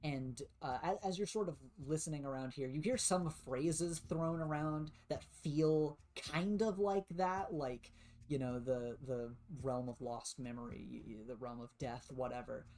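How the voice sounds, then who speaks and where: A man's voice: fairly high pitch, a little slow, a little mellow. A man narrating as game master in a casual, rambling way. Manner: casual, many fillers and restarts.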